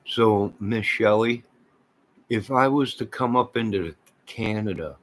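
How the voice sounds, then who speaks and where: An American man rambling casually as he chats with livestream viewers, reading their comments aloud and trailing off mid-thought. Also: low voice. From United States. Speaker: livestream host chatting with viewers.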